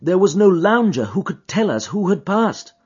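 Husky, expressive male audiobook reader. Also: sits high, moderate pace. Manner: expressive, dramatic reading. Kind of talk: first-person story narration. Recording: dull lo-fi recording.

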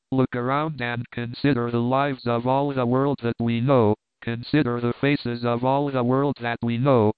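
A man's voice: medium pitch, clear, resonant tone, no echo, lightly acted. A relentless, vengeful wine-shop wife, firm and insistent in every word, read by a man in his own plain voice. The sound is thin and phone-like, with no room around it. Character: fierce, relentless middle-aged Frenchwoman, wine-shop keeper. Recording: tinny phone-like, dry.

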